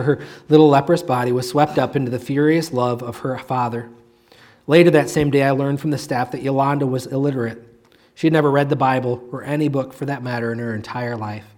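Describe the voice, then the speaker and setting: A male pastor gives a sermon, telling a long story at a measured pace. His voice sits at an ordinary middle pitch. He eases down to a soft, slow hush whenever a line carries weight. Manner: measured storytelling that slows and softens to a hush on key phrases. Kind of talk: sermon with a read-aloud story.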